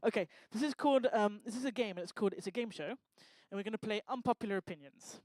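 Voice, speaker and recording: A woman doing lively, teasing crowd work on a live talk stage, speaking into a handheld microphone. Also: medium pitch, no room sound. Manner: energetic, teasing, bossy and quick to joke. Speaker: stage performer working the crowd.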